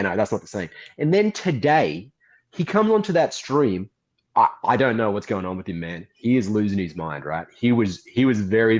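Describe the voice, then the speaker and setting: An animated man recaps online drama on a livestream, and his pitch swings widely as he mocks the people he quotes. The audio sounds muffled and lo-fi. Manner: animated, recaps events with mocking quoted voices. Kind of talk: casual livestream commentary.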